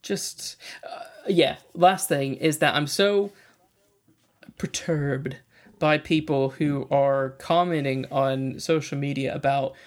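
A man in casual chat reviewing a film, animated and often acting out quotes. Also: medium pitch, slow pace.

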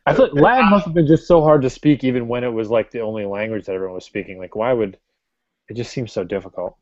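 A man's voice: mid-range voice, fast, dry recording. A man co-hosting a podcast, teasing the others, in a dull, muffled recording. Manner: teasing, animated. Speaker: podcast co-host. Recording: dry, dull podcast audio.

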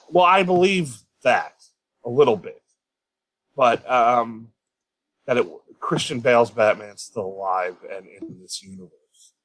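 A man's voice: lowish voice, a bit bright, rough recording. A man on a casual podcast, dry and dismissive, swearing casually as he talks. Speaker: podcast co-host or guest.

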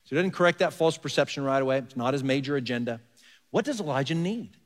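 A man's voice: medium pitch, animated, fast talker. A man preaching a conversational sermon as pastor. He asks the congregation rhetorical questions and leans hard on key words. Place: church sanctuary. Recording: long reverb of a large hall.

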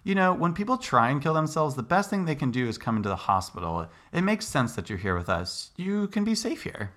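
A man playing an eager young male psychiatry resident in an educational role-play, earnest and quick to stammer. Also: fairly high pitch, very animated, fairly bright tone, voice pushed up. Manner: earnest, stammers under pressure.

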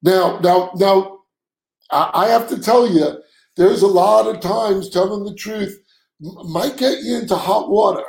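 A man's voice: high-pitched, unhurried, creaky, darkish tone, echoey room, rough recording. A man co-hosting a casual podcast chat, talking earnestly and often repeating words as he starts a sentence. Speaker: co-host.

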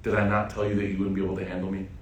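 A calm, stern mentor, as a preacher puts him on, speaking low and quietly with flat reproach. The voice carries a roomy echo from a distant microphone. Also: male voice, very fast, slight background noise, close to an everyday voice. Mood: reproachful. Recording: echoey room, distant mic.

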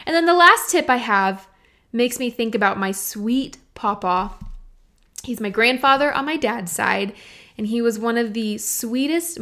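A young woman from Texas talks through her solo podcast. She sounds chatty and earnest, speaking straight to her listeners in a voice that sits a little high. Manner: warm, chatty and earnest, addressing listeners directly. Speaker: podcast host. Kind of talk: casual solo podcast talk.

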